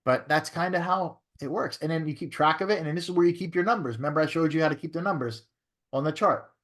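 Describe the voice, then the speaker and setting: A man's voice: on the high side, fast, a bit bright. A man who is a real estate broker teaching a training class in a coaching way, often checking in with "right?".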